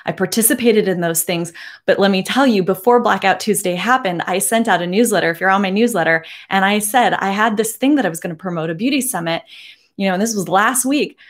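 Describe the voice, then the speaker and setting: A woman in her forties speaking earnestly to camera from her home, emotional and holding back tears, with many halting restarts. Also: medium pitch. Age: 40s. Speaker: beauty vlogger. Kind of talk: personal address to camera.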